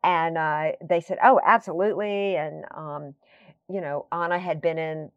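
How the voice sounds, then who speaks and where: Low-voiced woman telling rambling anecdotes. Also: fairly even intonation, measured pace, clean tone, no room sound, dull audio. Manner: rambling, warm tangents with many fillers. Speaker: guest. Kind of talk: conversational storytelling.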